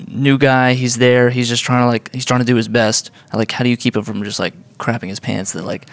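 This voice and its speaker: Man, interviewer, mid pitch, dry close sound, rambling casual questions. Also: level tone, fairly quick, few pauses, no echo.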